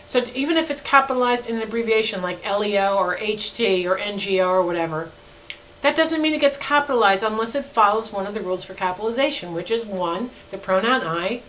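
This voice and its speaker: A woman's voice: medium pitch, lively intonation, fairly bright tone, slight background noise, poor audio. A woman professor lecturing her class in an emphatic, teacherly way. She drags out her examples word by word and stops to fix her own slips, with an um here and there. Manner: emphatic, slows down to spell out examples; self-correcting, with fillers. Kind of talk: recorded lecture.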